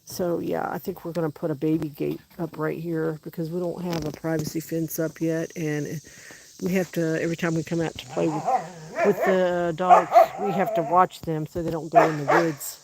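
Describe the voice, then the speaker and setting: The recording is very noisy, carrying a low-sitting female voice with a flat delivery at normal speed. As a livestream host at home, moving between kitchen and backyard, she chats loosely and cheerfully with viewers, hopping topics and baby-talking her dogs in a sing-song tone.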